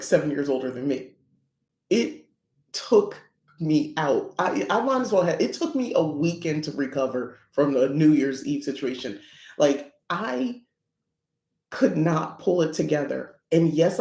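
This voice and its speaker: A woman's voice: low voice, expressive, measured pace, dark tone, roomy sound. A middle-aged woman hosting a podcast, chatting and telling stories, acting out the voices of the people she quotes. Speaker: podcast host. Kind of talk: casual chat.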